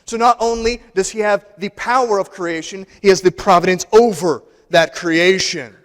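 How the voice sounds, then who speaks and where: A man's voice: high-pitched, normal speed, a bit bright. A man preaching a sermon in a church, emphatic and repeating phrases for stress. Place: church sanctuary. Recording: long hall reverb.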